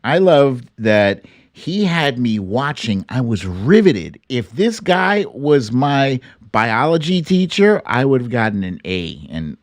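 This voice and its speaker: Animated man hosting a casual show. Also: mid-range voice, takes it slowly, no echo, clean studio sound. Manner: animated, joking, swears. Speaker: show host. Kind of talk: casual commentary.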